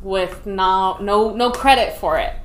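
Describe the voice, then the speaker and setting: A woman from Dallas, a Navy veteran guest, telling stories in a casual interview, animated and laughing as she acts out quotes. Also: mid-range voice, unhurried, echoey room, poor audio. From Dallas, Texas.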